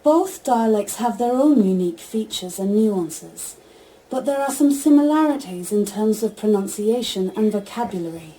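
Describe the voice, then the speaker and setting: A synthetic female voice of an AI assistant giving even, stilted spoken replies. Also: medium pitch, moderate pace, rough recording. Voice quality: even, stilted text-to-speech delivery.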